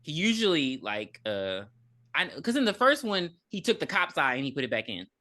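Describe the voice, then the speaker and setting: A woman's voice: deep voice, very animated, moderate pace, a bit bright. A woman podcast host giving a casual, profane movie recap with emphatic storytelling.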